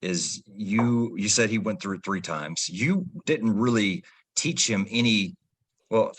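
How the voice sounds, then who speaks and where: A man's voice: lowish voice, animated, slow, husky. A man in his forties, a firefighter hosting a podcast interview, talking in an earnest, clarifying way. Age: 40s.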